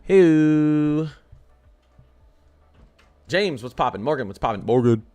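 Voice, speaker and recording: A man's voice: on the low side, animated, normal speed, faint music behind. Chatty joking man hosting a livestream. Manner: chatty, joking, greets viewers by name. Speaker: weather livestream host. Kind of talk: casual live-stream chat.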